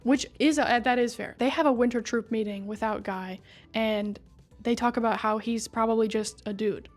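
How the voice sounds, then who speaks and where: A woman with a slightly high voice talks through a game's story in a loose, chatty recap. She is sarcastic and swears freely. Faint music plays behind her. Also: steady tone, moderate pace. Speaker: video creator recapping a game story.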